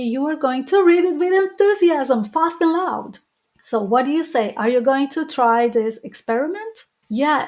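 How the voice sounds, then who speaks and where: A woman coaching listeners through speaking techniques in a slow, measured delivery. Her voice sits a little high, and she encourages them as she explains each tip. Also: warm tone. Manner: slow, deliberate, encouraging, demonstrates tones of voice. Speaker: podcast host and speaking coach. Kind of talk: solo podcast teaching tips.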